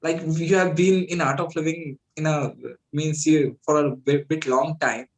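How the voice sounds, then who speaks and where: A male interviewer asking halting questions, rephrasing them with fillers. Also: a little high, steady tone, rough recording.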